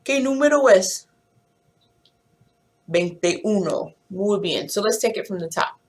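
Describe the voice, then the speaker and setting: Taking an unhurried pace, a woman who teaches Spanish explains the lesson in English before counting and quizzing numbers with careful, clear pronunciation. Her mid-range voice is expressive with a slightly dark tone, and she speaks slowly and deliberately.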